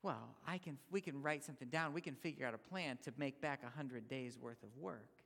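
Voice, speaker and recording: A man preaching as a guest speaker, emphatic, swinging between loud points and near-whispers. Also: medium pitch, brisk, gravelly. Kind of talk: sermon. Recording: long hall reverb.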